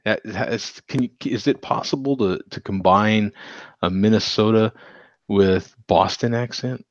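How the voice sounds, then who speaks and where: A man hosting a casual live video chat over beers, excitable and animated, calling people "dude" and "man". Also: on the low side, unhurried, dry recording, highs cut off. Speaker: host. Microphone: video call.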